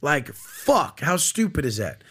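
A man's voice: a little high, very animated, measured pace, fairly bright tone, breathy edge. A man talking as a podcast guest, blunt and aggressive, swearing constantly and acting out conversations he has had. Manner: aggressive, swearing, acts out quoted exchanges. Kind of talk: blunt, profane casual talk.

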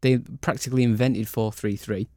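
A man's voice: medium pitch, steady tone, moderate pace, a little mellow, dry recording, clean studio sound. A man chatting and joking through a football debate. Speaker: football podcast panelist. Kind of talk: casual football banter.

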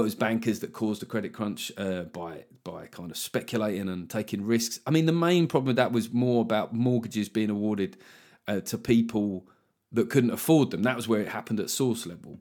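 A man hosting a solo podcast, ranting about politics in an animated, sweary, mock-incredulous way. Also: fairly low pitch. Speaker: podcast host.

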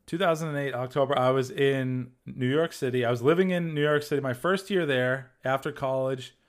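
A man in his thirties with a Massachusetts accent, a podcast guest on a video call who tells loose, animated stories and swears freely. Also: medium pitch, a little fast. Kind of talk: casual podcast chat.

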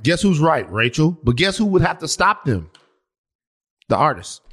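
A man co-hosting a podcast in a casual, jokey debate, talking with quick, animated asides. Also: fairly high pitch, breathy edge. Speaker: podcast co-host.

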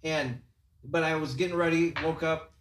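A man's voice: fairly high pitch, fairly even intonation, normal speed. Swearing podcast host man, roomy sound. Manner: swearing storyteller, laughs while telling. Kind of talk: casual chat.

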